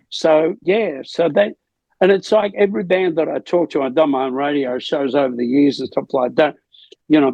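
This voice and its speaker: Gravelly older man telling stories. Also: on the high side, dry recording, muffled recording. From Australia. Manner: rambling, animated anecdotes. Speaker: lead singer, interview guest. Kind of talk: casual storytelling interview.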